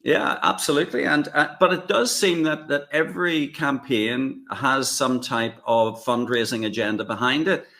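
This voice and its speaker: A man co-hosting a political discussion, talking in a halting way with many fillers and restarts. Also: medium pitch, a bit bright. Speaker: co-host.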